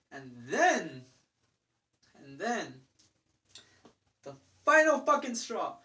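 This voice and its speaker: A young adult vlogger rants about a bad night out in a loose, casual storytelling voice. The delivery is exasperated and profane, full of fillers and restarts, with pitch sitting in the middle of the range. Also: very animated, takes it slowly, pauses often, pushed and bright.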